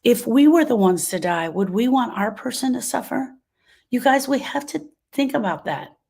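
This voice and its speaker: A woman's voice: on the high side, animated, normal speed, vocal fry, darkish tone, slightly rough. A woman, hosting a grief podcast and telling her story earnestly, repeating phrases for emphasis. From Louisiana. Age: 60s. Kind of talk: heartfelt storytelling to listeners.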